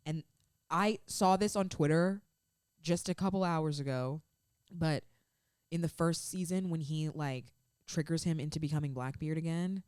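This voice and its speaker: A woman's voice: low-pitched, moderate pace, darkish tone, smooth, no echo, studio quality. A woman co-hosting a fan podcast, recapping scenes in an emotional, gushing way full of "like" fillers. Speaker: podcast co-host. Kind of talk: casual fan chat.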